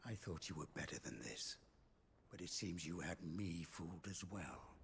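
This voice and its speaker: An indignant, reproachful game hero. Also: male voice, low-pitched, lively intonation, normal speed, gravelly, fairly bright tone, breathy edge, exaggerated voice. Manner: accusing and incredulous. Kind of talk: video game voice acting.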